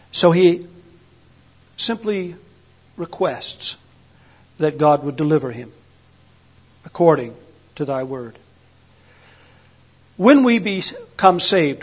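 A man's voice: a little high, husky, muffled recording. A man preaching a sermon with fervent, rising and falling emphasis.

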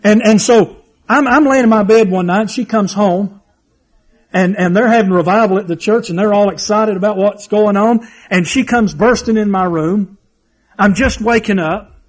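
A man's voice: high voice, normal speed. A man preaching a sermon, fervent and repetitive, telling personal stories.

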